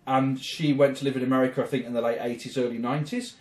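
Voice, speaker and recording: A man's voice: mid-range voice, fairly even intonation, quick pace. Blunt man, roomy echo. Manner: profane, blunt ranting. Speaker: podcast co-host. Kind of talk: casual movie commentary.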